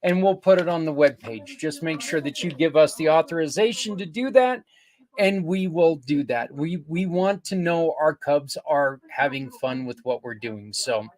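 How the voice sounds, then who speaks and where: Older male podcast host, higher-pitched, earnest and rambling, casual promotional delivery with self-corrections. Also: expressive, moderate pace, darkish tone.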